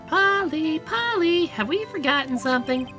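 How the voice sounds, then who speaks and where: A man's voice: very high voice, animated, moderate pace, pitched above the performer's own voice. A man voicing a bubbly young woman sidekick with an eager, chatty manner. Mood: coaxing. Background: game music.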